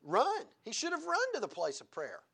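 A man with a notably high voice preaches a sermon. He drives his points home loudly, then drops into quiet, chuckling asides to the congregation. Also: wildly swooping pitch, moderate pace, vocal fry, husky. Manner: swings between loud exhortation and quiet chuckling asides.

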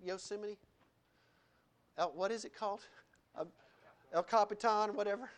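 A male pastor with a lilt delivers a lively sermon. His voice swings from low, quiet asides to bright, loud declarations, broken by laughing remarks. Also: normal speed, pauses often. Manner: animated, laughing asides, wide swings in pitch and loudness.

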